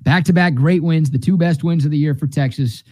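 Mellow-voiced sports radio host. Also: male voice, on the high side, brisk, dry recording. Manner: steady, informative, rundown of results.

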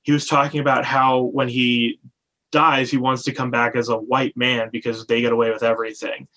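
A man telling stories in a relaxed interview. He acts out the people in his stories, and his voice jumps up in pitch when he quotes them. He talks in a loose, animated way, full of restarts. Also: normal speed. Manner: animated storyteller, acts out customers with a raised voice. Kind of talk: casual interview chat.

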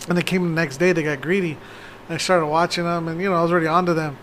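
A man's voice: a little high, fairly even intonation, racing, fairly bright tone, a little hiss or hum. A man rambling through a story in casual talk, swearing often. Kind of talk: casual chat.

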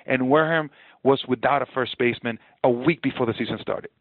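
A man in his forties, a former ballplayer, telling his story in an interview with earnest, animated energy and frequent repeated phrases. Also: medium pitch, brisk, no room sound. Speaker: podcast guest, former baseball player. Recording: dry, narrow phone-like sound.

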